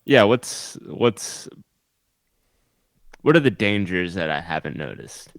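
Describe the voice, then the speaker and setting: Low-voiced man, hesitant tabletop player. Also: sing-song, takes it slowly, dry recording. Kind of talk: tabletop role-play chat.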